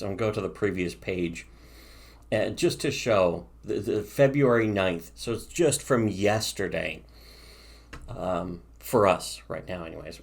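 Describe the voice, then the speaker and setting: Sarcastic, swearing man with a lowish voice. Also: creaky. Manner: sarcastic, rambling, heavy swearing. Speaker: podcast co-host reviewing webcomics. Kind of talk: casual profane podcast chat.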